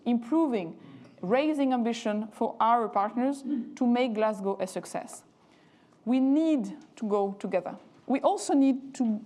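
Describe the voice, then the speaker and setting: A woman with a French accent, a government minister giving a formal, measured speech. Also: fairly high pitch, mellow. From France. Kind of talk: prepared speech.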